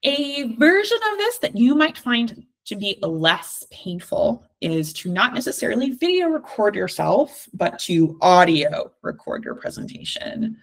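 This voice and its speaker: A Southern California woman with a Valley Girl accent gives an encouraging, chatty workshop talk sprinkled with frequent ums. Her voice is a little high and sing-song, unhurried yet with hardly any pauses.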